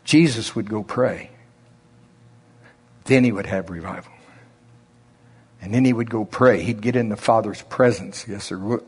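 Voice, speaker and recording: A man with an Oklahoma accent preaching a sermon in a slow drawl, with emphatic rises and drops. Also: on the low side, darkish tone, breathy edge.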